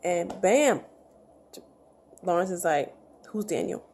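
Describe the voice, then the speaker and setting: A woman recaps a TV episode in a casual, chatty way. She jumps into the characters' voices as she goes. Her tone is mellow with a slight gravel, and a faint noise floor sits under the recording. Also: fairly low pitch, lively intonation, slow pace. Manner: chatty, retells scenes acting out characters' lines. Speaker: show review vlogger.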